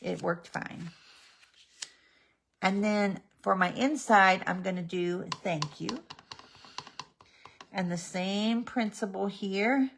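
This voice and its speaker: Slow, gravelly woman demonstrating crafts. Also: mid-range voice, slight background noise. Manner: slow, chatty, talks to her pet between steps. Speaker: stamping demonstrator.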